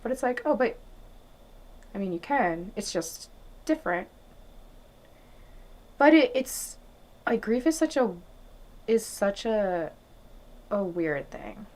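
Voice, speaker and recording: Reflective woman co-host, gentle and questioning, casual chat. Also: medium pitch, sing-song, slow, long pauses. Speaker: podcast co-host.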